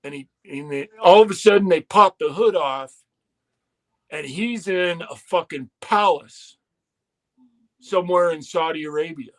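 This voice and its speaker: Profane, animated storytelling man. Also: on the high side, unhurried. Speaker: podcast storyteller. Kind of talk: casual storytelling on a wrestling podcast.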